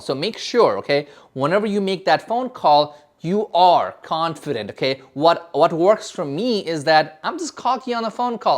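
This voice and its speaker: A man giving a sales lesson, talking emphatically and ending many sentences with "okay?" and "right?", often restarting words. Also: a little high. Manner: repeats and restarts words while explaining. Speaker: sales coach. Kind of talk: instructional talk to camera.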